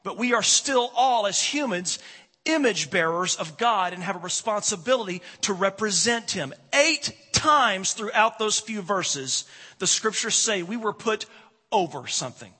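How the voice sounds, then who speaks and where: A male pastor preaching with a bright, husky, fairly high voice that rises and falls widely. He leans into dramatic pauses and swings between strong emphasis and quiet asides. The sound rings out with the long reverb of a large hall. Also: lively intonation. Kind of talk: sermon.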